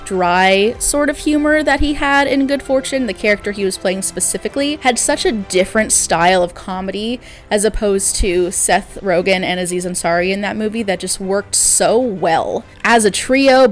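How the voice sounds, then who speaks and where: Brief: woman host, casual chatty film commentary, mid-pitched, easy fillers. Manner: chatty, frequent fillers, laughs easily.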